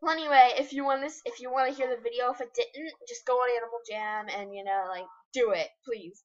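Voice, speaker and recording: A woman's voice: fairly high pitch, fairly even intonation, fast, hardly any pauses, dull audio. A young woman chatting and giggling while she plays an online game and talks to her viewers. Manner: chatty and giggly, often laughs mid-sentence. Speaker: game video creator. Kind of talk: casual gameplay commentary. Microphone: computer screen recorder mic.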